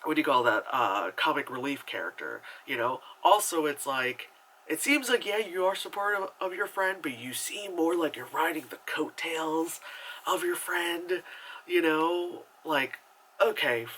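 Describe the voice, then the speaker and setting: A man with a fairly high, bright, forceful voice, talking through a movie review in a loose, rambling way. He fills his talk with filler words and swearing and sounds exasperated and sarcastic. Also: a little slow, poor audio. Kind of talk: casual spoken movie review.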